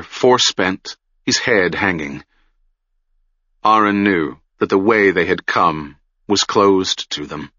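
A man reading a fantasy novel aloud in a measured, solemn manner, recorded close on a dry mic with a dull lo-fi sound. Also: low-pitched, sharp tone, no echo. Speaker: audiobook narrator. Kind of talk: scripted fantasy narration.

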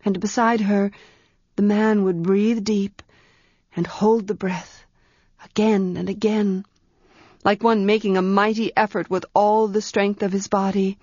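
A woman narrating a story in a measured, quiet storytelling manner. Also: mid-range voice, steady tone, no room sound, muffled recording. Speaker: audiobook narrator.

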